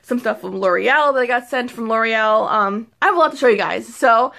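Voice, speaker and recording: A young woman beauty vlogger chatting casually to camera, excitable and rambling, full of fillers and restarts. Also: on the high side, a little fast, vocal fry. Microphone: phone or camera mic.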